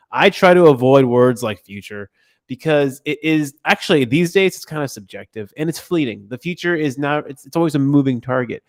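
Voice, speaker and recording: A man hosts a music feedback stream, talking in a loose, rambling way with plenty of restarts. His voice sits at an average pitch. The sound is dry and close. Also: no room sound. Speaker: livestream host giving music feedback. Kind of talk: casual livestream commentary.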